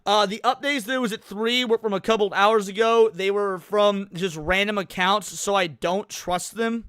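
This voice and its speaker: A man's voice: high-pitched, steady tone, normal speed, fairly bright tone, clean tone, no room sound, studio quality. A man hosting a live stream, talking casually to his viewers with rambling restarts and fillers. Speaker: livestream host.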